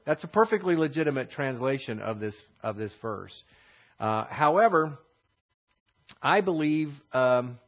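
A man teaching a verse-by-verse Bible lesson, explaining and rephrasing scripture in an unhurried classroom manner. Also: medium pitch. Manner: explanatory, rephrasing verses, frequent fillers and restarts. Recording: slightly dull lo-fi recording.

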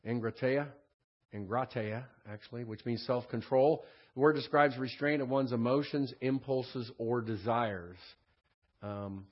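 A man's voice: medium pitch, a little slow, dull audio. Man teaching a conversational Bible lesson. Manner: conversational, often adds "right?"; frequent throat clearing and restarts. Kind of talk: recorded Bible study lesson.

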